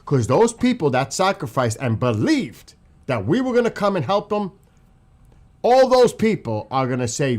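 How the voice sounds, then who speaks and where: A man's voice: fairly high pitch, big pitch swings, moderate pace, darkish tone. A man delivering an angry, profane political rant as a channel host, repeating himself for emphasis and saying how upset he is. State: upset and livid.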